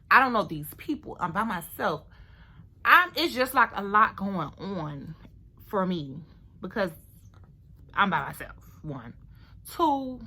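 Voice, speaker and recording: A young woman vlogger chatting through a storytime while doing her hair, animated and talkative, sometimes dropping to a hushed voice. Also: fairly low pitch. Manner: animated, chatty, drops to near-whisper at times.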